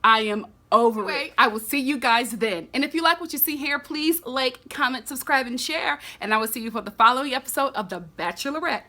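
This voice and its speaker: A woman recapping a reality TV episode in a sassy, animated way, talking straight to her viewers. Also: high-pitched, a little fast, few pauses. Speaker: TV recap vlogger.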